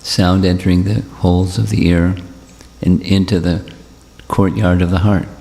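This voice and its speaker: A man giving a devotional talk and answering questions, speaking in a gentle, repetitive, reassuring way. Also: sits low, flat delivery, unhurried, creaky. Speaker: spiritual teacher. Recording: long hall reverb.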